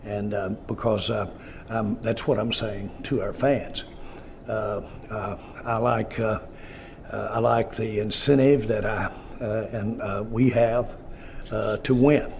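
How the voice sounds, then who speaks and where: An older man giving a halting press statement, full of fillers. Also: on the low side, fairly even intonation, creaky, darkish tone, slight background noise. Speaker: team owner at press event.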